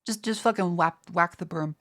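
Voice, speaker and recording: A woman's voice: fairly low pitch, normal speed, a bit bright. Profane rambling Australian woman streamer. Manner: profane, rambling, stammers and restarts. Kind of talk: casual live-stream chat reading viewer comments.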